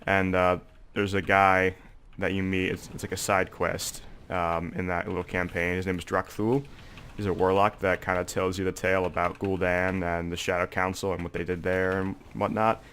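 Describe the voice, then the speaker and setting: Young man, congested and low-voiced, casual rambling game commentary, faint game noise underneath. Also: level tone, moderate pace, a bit bright. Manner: rambling, heavy on fillers like "like" and "um". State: congested, sore throat. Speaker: gaming video creator.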